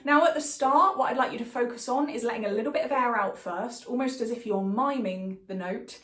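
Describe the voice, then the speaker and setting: A young woman giving a singing lesson as a vocal coach, with calm, reassuring instructions. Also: on the high side, a little fast, reverberant.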